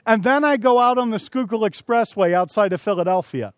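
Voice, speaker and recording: A man preaching an evening sermon, telling stories and acting out quotes in a lively, animated way. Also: extremely high pitch, a little fast, few pauses, dry recording. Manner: storytelling with acted-out quotes and shouted asides.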